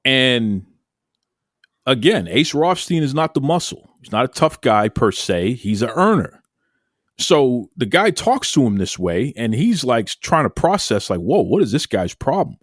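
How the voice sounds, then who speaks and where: A man co-hosting a podcast, retelling film scenes with animated, restart-heavy storytelling. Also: medium pitch, a little slow, dry recording, studio quality. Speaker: podcast co-host. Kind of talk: casual podcast chat.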